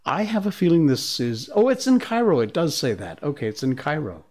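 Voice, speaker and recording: A man hosting a live stream, reacting to clips and telling stories in a rambling, excitable way with frequent laughs. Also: a little high, brisk. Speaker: livestream host. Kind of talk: casual live-stream commentary.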